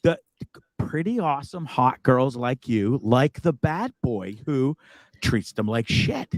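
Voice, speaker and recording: A man's voice: medium pitch, takes it slowly, dry recording. A middle-aged man hosting a casual podcast chat, rambling and swearing freely as he tells stories. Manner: profane, rambling, animated storyteller. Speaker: podcast host.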